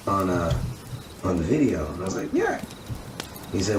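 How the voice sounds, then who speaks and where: A man telling a casual personal story, animated and acting out quoted dialogue. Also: deep voice, brisk, long pauses. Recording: echoey room, distant mic, noisy.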